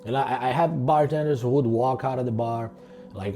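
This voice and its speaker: A man's voice: medium pitch, normal speed, warm tone, faint music behind. A man casually telling stories from his bartending work, profane and rambling, full of slang. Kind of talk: casual storytelling.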